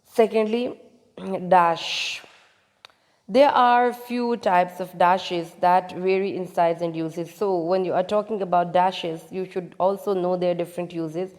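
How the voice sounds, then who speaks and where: A woman teacher giving a grammar lecture, halting and restarting often, putting questions to her students. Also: lowish voice, fairly even intonation, a little mellow, big-room sound. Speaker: English teacher.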